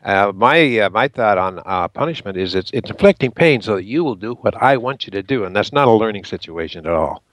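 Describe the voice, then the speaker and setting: Low-voiced, halting male radio host. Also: animated, a bit bright, a little hiss or hum. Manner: halting, many fillers. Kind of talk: radio interview.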